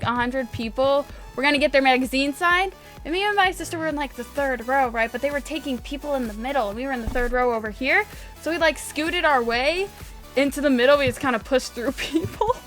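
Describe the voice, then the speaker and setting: Young woman from indiana, high bright voice, chatty and excitable, lots of "like", quiet music behind. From northwest Indiana, USA. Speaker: gaming vlogger. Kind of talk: casual storytelling over gameplay.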